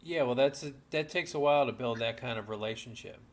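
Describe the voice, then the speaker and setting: A man's voice: mid-range voice, fast. A man co-hosting a podcast, chatting casually in a laid-back way with short agreeing remarks. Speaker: podcast co-host. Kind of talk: casual chat.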